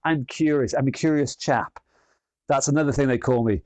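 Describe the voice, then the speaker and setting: A man's voice: medium pitch, moderate pace, darkish tone, no echo. Man, fitness instructor, self-mocking banter, exercising while talking, dry sound. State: exercising as he talks. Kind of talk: live online exercise class.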